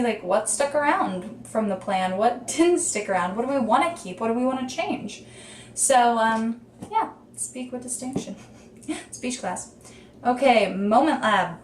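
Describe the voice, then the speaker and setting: A woman's voice: fairly high pitch, roomy sound, recorded from a distance, a little hiss or hum. A young woman, a drama student, talking casually to camera with plenty of ums and acted-out inner thoughts. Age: young adult. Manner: chatty, lots of ums, acts out inner thoughts. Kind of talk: casual advice vlog.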